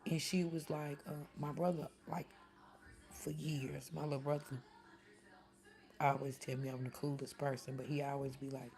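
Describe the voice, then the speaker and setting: This middle-aged woman on a live stream has a low, gravelly, slightly mellow voice with little pitch movement, and she talks briskly. Reading the chat, she answers commenters by name in a casual way.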